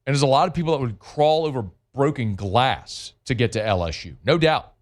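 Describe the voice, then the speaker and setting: A man's voice: medium pitch, expressive, fairly quick. A man hosting sports talk radio, talking in a loose, conversational way with many fillers and restarts.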